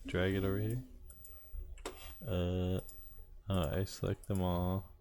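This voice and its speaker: A man's voice: sits low, little pitch movement, slow pace, warm tone. A man streaming a game live, thinking aloud and muttering to himself as he plays. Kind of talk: live gameplay commentary. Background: game music, keyboard typing.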